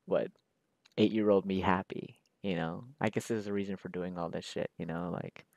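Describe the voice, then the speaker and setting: A man's voice: deep voice, fairly even intonation, moderate pace, creaky, a little mellow, no room sound. A man chatting casually while he draws, rambling in a slangy, profane, laid-back way. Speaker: artist drawing on camera. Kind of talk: casual chat while drawing.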